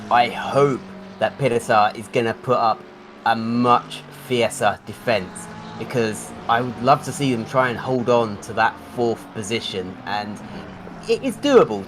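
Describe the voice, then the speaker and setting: A man's voice: fairly low pitch, a bit bright, slight background noise. A man co-commentating a live sim race, conversational and analytical.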